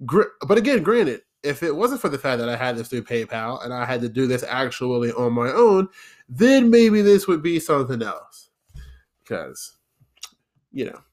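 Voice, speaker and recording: A man's voice: medium pitch, expressive, moderate pace, darkish tone. A man hosting a casual solo podcast, rambling sarcastically, with plenty of fillers and repeated words. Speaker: podcast host.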